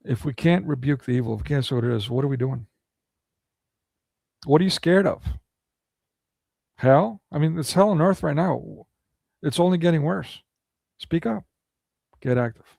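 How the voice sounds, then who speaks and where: A man's voice: fairly high pitch, expressive, normal speed, gravelly, long pauses, darkish tone, slightly rough, no room sound. A man delivering a ranting monologue of political commentary, indignant and full of rhetorical questions.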